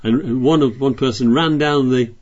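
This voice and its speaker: A man's voice: mid-range voice, normal speed, a little mellow, highs cut off. A man preaching a sermon, reading scripture aloud and explaining it in a chatty way with frequent restarts.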